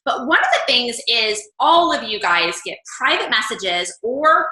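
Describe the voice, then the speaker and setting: A woman leading a casual coaching call for her fitness business team, chatty and animated. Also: on the high side, measured pace. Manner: chatty, animated, acts out quoted lines. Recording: echoey room.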